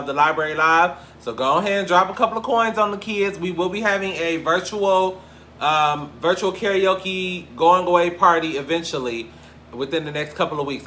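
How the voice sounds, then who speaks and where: Young male gossip host from Cleveland; bright, slightly high voice, animated and profane, quiet hiss underneath. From Cleveland, Ohio. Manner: animated, profane, swings between loud and quiet. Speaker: podcast host. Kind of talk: casual celebrity gossip chat.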